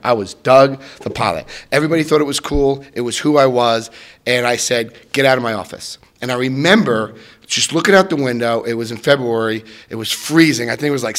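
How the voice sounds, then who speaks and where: Animated man in his fifties telling his story. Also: mid-range voice. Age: 50s. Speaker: recovery speaker. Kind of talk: personal recovery story told to an audience.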